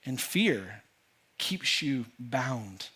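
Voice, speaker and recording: Very slow, sing-song and forceful, the pastor's husky, bright, medium-pitched voice fills the church sanctuary. His sermon to the congregation is earnest and emphatic, full of repeated words and restarts as he develops each point.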